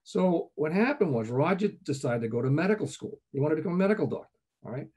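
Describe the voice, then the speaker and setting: An older man speaks quickly in a mellow, husky voice, and he tells chatty anecdotes as an interview guest. He keeps dropping little "okay?" checks into his talk. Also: a little high, sing-song. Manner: chatty, anecdotal, frequent "okay?" asides, chuckles often. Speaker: guest, groundwater professor. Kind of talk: relaxed storytelling interview.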